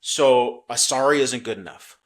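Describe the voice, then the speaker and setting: A middle-aged man, a company chief, telling a customer-service story in a relaxed interview with earnest restarts. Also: medium pitch, measured pace. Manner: earnest, acts out quoted dialogue, many restarts. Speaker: menswear company CEO, podcast guest. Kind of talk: casual interview talk, storytelling.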